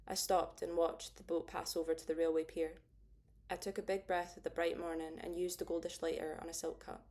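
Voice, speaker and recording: A woman narrating a first-person audiobook in a steady, understated way. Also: fairly low pitch.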